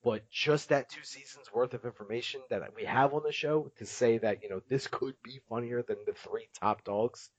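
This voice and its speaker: A man's voice: medium pitch, moderate pace, few pauses, dry recording. Male co-host, casual, laugh-prone storyteller; dry lo-fi recording. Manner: laughs often while retelling a cartoon scene. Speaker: podcast co-host. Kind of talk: casual chat. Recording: dull lo-fi, dry.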